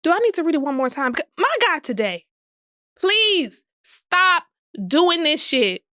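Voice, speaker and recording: A woman's voice: high-pitched, very animated, a little slow, pushed and bright. A young woman talks through her solo podcast, sassy and profane and laughing often. The sound is dry and close, with almost no room echo. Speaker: podcast host. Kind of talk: casual solo podcast monologue.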